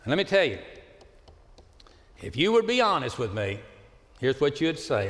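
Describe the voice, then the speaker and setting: Pastor, male, mid-high voice, impassioned sermon that drops to hushed asides; long church-hall reverb. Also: sing-song, unhurried, pauses often. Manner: impassioned preaching, swings between loud appeals and hushed asides. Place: church sanctuary with live congregation.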